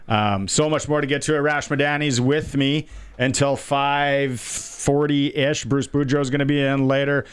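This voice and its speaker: A Canadian man hosts a sports radio show from the studio, his voice sitting in an ordinary middle pitch. He chats loosely and moves briskly through sponsor reads and listener notes. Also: fairly even intonation, clear, resonant tone. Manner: chatty, reads plugs and sponsor lines. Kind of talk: casual sports radio talk.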